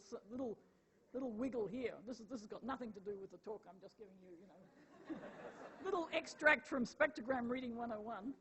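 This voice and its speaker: A woman's voice: a little high, slight background noise, rough recording. An older woman delivers a public lecture in a lecture theatre. Her delivery is conversational rather than polished, full of restarts and fillers, and she turns to the audience with playful asides.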